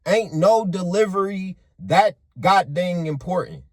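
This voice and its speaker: A man telling a story in a casual monologue, animated and profane, swinging between hushed and loud. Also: high-pitched, measured pace, hardly any pauses, dry recording, clean studio sound. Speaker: motivational vlogger.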